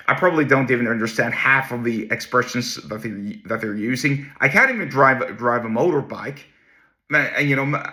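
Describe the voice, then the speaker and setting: A man's voice: mid-range voice, bright, forceful tone. A man hosting a casual solo talk, rambling with many restarts and asides. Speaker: host.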